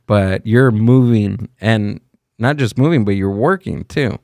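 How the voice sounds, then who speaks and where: A man with a lowish, gravelly voice co-hosts a casual podcast, thinking aloud in a laid-back way. He sounds close and dry, with no room around him. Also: measured pace, dark tone, no echo. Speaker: podcast co-host.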